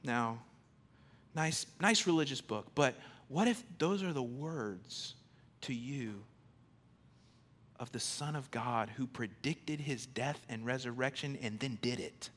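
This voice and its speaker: A man preaching a sermon in a conversational, emphatic way, swinging from loud declarations to hushed, intimate lines. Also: mid-range voice, slow pace. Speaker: pastor.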